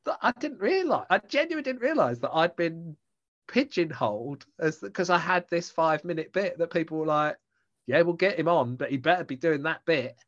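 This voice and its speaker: A man's voice: on the high side, animated, brisk, a bit bright. A man, a stand-up comedian chatting casually on a podcast and telling rambling, self-mocking stories. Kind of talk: casual chat between comedians. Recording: dull lo-fi sound.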